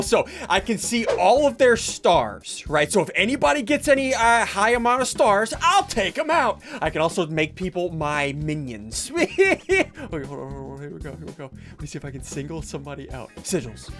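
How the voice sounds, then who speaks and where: Excitable high-voiced male gamer. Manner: excitable, yells and laughs while explaining. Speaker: gaming YouTuber host. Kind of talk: excited gameplay commentary. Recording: music playing underneath.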